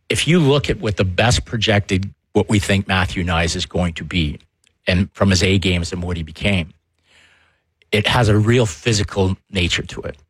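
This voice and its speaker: A man, co-hosting a casual sports talk show and telling animated stories. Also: sits low, husky, no echo, studio quality. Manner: animated storyteller, laughs often. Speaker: sports radio co-host, former player.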